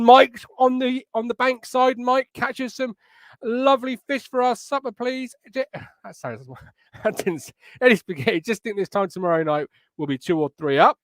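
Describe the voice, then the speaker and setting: A man's voice: high voice, dry recording. A man hosting a live fan podcast, chatty and upbeat as he reads out comments from the live chat. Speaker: podcast host.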